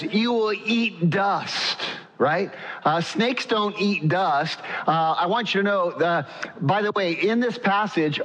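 A male pastor preaching a sermon, animated, with many fillers and rhetorical questions, in a church. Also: fairly high pitch, long reverb tail, dull audio. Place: church sanctuary.

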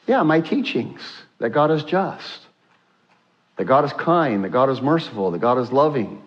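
A man's voice: on the high side, measured pace, muffled recording. A male pastor preaching a sermon with energy and many exclamations, asking the congregation to read verses aloud. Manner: energetic, exclamatory, frequent uh fillers; asks congregation to read along.

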